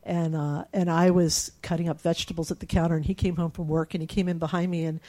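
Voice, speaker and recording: A woman's voice: on the low side, flat delivery, quick pace, warm tone. A middle-aged woman candidly telling her own story and reading her emails aloud, with fillers and small laughs. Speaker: cancer patient sharing her story.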